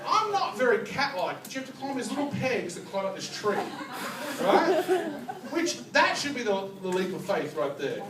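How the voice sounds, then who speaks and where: A man performing a stand-up comedy set, telling stories with animated delivery and yelled punchlines. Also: sits high, very noisy. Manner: animated storytelling, yelling punchlines. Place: live comedy venue with audience. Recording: roomy live club recording from far off.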